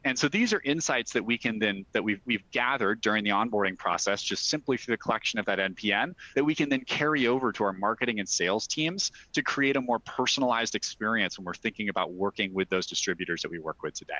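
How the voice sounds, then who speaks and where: A man presenting a software product demo in a webinar, walking through features in a brisk, salesy way with frequent fillers. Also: lowish voice, animated, no room sound, lo-fi sound.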